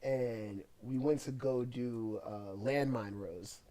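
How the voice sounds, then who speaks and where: A man's voice: mid-range voice, takes it slowly, dark tone. A young man co-hosting a casual podcast chat, rambling with lots of fillers and cursing freely. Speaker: podcast co-host.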